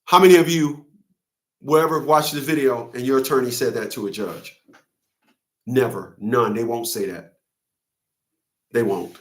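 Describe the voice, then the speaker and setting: This is a man delivering a casual, heated rant straight to his audience. He is blunt and profane and keeps jumping into other people's lines in a raised, mocking voice. His pitch sits in the middle range for a man. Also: normal speed, pauses often. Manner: heated, profane, acts out court dialogue in a raised voice. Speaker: father's rights channel host. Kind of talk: casual commentary monologue.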